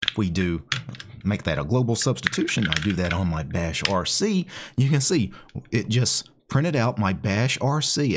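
Male channel host, slightly low voice, casual step-by-step tutorial talk with "you know" and "right?". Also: slight background noise. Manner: explains step by step while typing commands. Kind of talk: casual screen-share tutorial.

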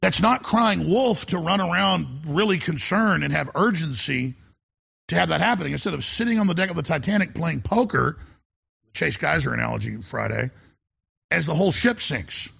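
A man's voice: a little high, expressive, normal speed, fairly bright tone. A middle-aged man hosting a talk radio show, speaking in an urgent, intense monologue and often stammering and repeating words as he restarts. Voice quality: gravelly, husky voice.

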